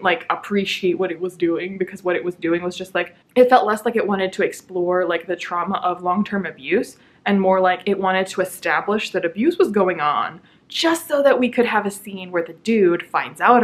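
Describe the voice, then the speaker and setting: A young woman reviewing a book in a casual vlog, sarcastic and animated, slipping into mocking voices and laughing often. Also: mid-range voice, normal speed.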